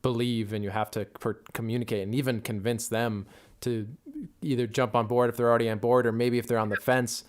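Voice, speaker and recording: A man's voice: mid-range voice, little pitch movement, fairly quick. A man hosting a podcast, asking questions in loose casual conversation and often restarting them. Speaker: podcast host. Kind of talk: casual interview chat.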